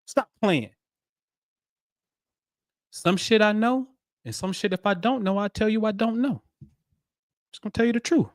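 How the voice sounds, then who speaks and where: A man hosting a spiritual livestream, talking in animated, preachy street slang. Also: sits high, measured pace, long pauses, dry recording, clean studio sound. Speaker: livestream host.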